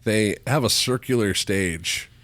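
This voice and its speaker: A man hosting a podcast, telling crude stories in a casual, animated, profane way. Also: on the low side, measured pace, dry recording. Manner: animated, profane storytelling with voiced asides. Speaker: podcast host.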